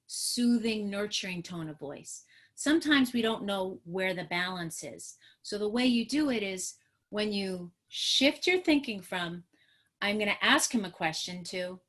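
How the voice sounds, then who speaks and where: Middle-aged new york woman on a video call, earnest therapist teaching parents. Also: medium pitch. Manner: earnest, teaching, talks with her hands. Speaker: trauma therapist. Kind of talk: educational webinar talk.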